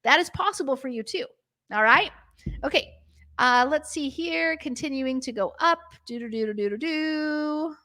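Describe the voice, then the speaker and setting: A woman's voice: high voice, moderate pace, bright, forceful tone. A woman hosting a casual live stream, chatty and bubbly, with lots of fillers. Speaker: host of a live stream for preschool owners.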